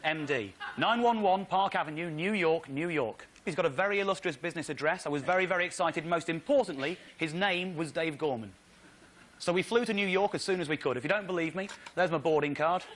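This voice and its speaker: High-voiced man telling a comic story. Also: fairly quick, a little hiss or hum. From Britain. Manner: excitable, indignant comic storytelling. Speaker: comedian. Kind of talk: stand-up storytelling with slides. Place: theatre stage.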